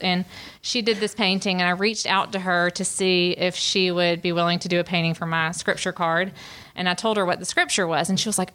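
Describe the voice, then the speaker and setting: A woman's voice: fairly low pitch, a bit bright, smooth. A woman, giving an earnest, confessional personal testimony with frequent fillers. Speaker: speaker sharing her testimony.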